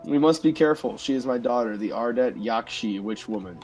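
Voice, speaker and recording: A man voicing a calm, mysterious female alien warrior, in stilted solemn lines. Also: mid-range voice, brisk, faint music behind, close to an everyday voice, poor audio.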